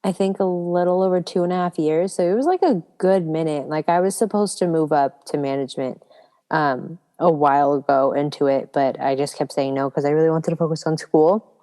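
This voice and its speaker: Podcast co-host, young woman, mellow low voice, jokey casual chat. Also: brisk, big-room sound. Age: young adult. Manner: chatty, laughs often, joking.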